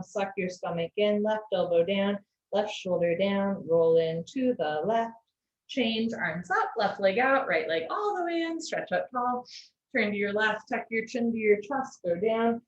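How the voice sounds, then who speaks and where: A woman teaching a live online yoga class, giving steady posture cues with gentle encouraging asides. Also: medium pitch. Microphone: video call. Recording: echoey lo-fi video call audio.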